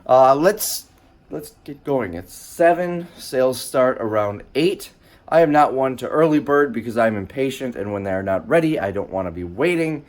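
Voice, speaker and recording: Man, casual vlogger, chatty and self-deprecating, average pitch, faint road noise behind. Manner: chatty, self-mocking, jumps between excitement and asides. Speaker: reseller vlogger. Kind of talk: casual vlog talk to camera. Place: in his car and at outdoor garage sales.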